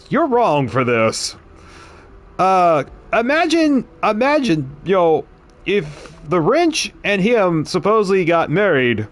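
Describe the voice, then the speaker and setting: A male game streamer talking casually, his voice fairly high for a man and bouncing widely in pitch. He rambles and chuckles as he tells stories to his chat. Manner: rambling, chuckling, animated storytelling.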